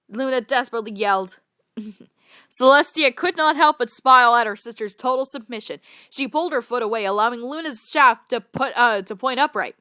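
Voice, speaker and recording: A woman's voice: a little high, brisk, sharp tone, clean tone, no room sound, clean studio sound. A woman reading a story aloud for laughs, stumbling over words and breaking into disbelieving reactions. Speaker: fanfiction reader. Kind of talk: comedic read-aloud with reactions.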